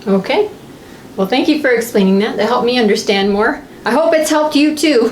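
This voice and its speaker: A woman's voice: on the high side, lively intonation, fairly quick. Casting: female co-host, supportive and brief, reverberant room with a little hiss. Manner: mostly brief encouraging responses. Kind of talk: casual conversation. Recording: roomy with faint hiss.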